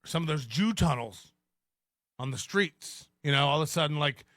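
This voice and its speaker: High, bright-voiced mocking male host. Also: lively intonation, normal speed, no echo, clean studio sound. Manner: mocking, sarcastic, laughs at own remarks. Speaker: podcast host. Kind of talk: ranting commentary.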